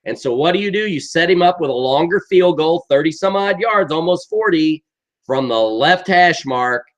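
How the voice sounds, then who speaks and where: A man's voice: fairly high pitch, lively intonation, normal speed. Exasperated man ranting about football. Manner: exasperated, emphatic, keeps asking "okay?". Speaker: sports commentator. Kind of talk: football rant.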